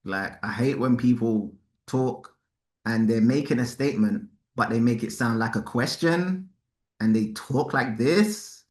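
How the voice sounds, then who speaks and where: A man hosting a live podcast, talking bluntly and with animated slang. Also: mid-range voice, measured pace. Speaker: podcast host. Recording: roomy echo.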